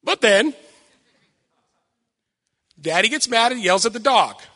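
A young man giving a sermon with personal stories, loud and animated, self-deprecating and acting out what people say. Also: extremely high pitch, slow pace, big-room sound. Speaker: preacher.

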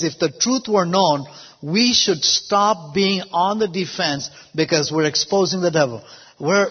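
A male preacher tells a story from his ministry, peppering it with praise and hallelujahs. His voice sits high and husky. The recording is dull and lo-fi, with a long reverb trailing each phrase. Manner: storytelling, frequent "praise God" and "hallelujah" interjections. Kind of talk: sermon with personal testimony.

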